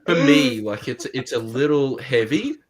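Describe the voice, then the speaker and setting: A man's voice: mid-range voice, lively intonation, unhurried, a loud crowd. An Australian man chatting casually as a guest, easygoing with hesitant starts. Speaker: band member guest. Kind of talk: casual chat.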